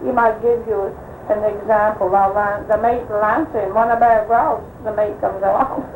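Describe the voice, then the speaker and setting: A woman's voice: medium pitch, steady tone, unhurried, reverberant, phone-quality sound, heavy background noise. An older woman in an oral history interview, rambling through personal stories and acting out what people said. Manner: rambling anecdotal telling, acting out quoted speech. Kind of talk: recounting old personal stories.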